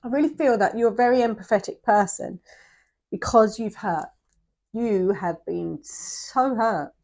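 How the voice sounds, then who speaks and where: A woman's voice: on the high side, unhurried, a little mellow. A woman giving a tarot reading to the camera, close to tears and speaking straight to the viewer, sometimes dropping to a whisper. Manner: emotional, addresses viewer directly, often drops to a whisper. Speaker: tarot reader.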